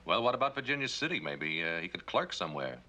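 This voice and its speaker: An actor playing a level-headed young eldest son on a ranch, reasoning calmly in a 1960s television western. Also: male voice, sits low, quick pace, slight background noise, full character voice.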